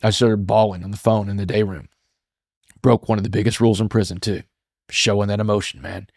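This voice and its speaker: A man's voice: fairly low pitch, no echo, clean studio sound. A middle-aged man telling a personal story as an interview guest, earnest and emotional, often repeating his words.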